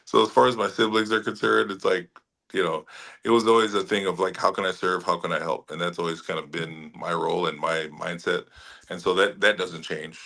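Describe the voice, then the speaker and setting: A middle-aged man from Hawaii, an actor being interviewed, talking in a relaxed way with frequent laughs and restarts. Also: low-pitched, a little fast, creaky. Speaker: actor guest. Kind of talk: casual interview chat.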